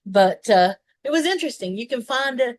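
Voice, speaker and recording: A woman's voice: a little high, expressive, brisk, no room sound. A woman with a Southern US accent, co-hosting a casual chat, rambling through long explanations with restarts and asides. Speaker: co-host.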